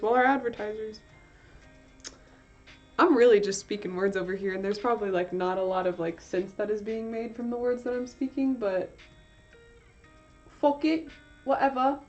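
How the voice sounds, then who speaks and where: A woman chatting on a live art stream as she draws, rambling and poking fun at herself, sometimes sliding into joke accents and swearing freely. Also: mid-range voice. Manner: rambling and self-mocking, with frequent swearing; tries out playful put-on accents. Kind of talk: casual live-stream chat while drawing. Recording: slightly dull stream audio with soft music behind. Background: quiet chill-hop music.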